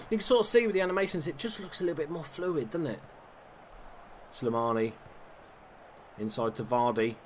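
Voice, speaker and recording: A man talks through a video game in a relaxed, chatty way from home, peppering his commentary with casual swearing and dry little asides. His voice sits at an ordinary middle pitch for a man. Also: moderate pace, long pauses, a little hiss or hum. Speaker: gaming YouTuber.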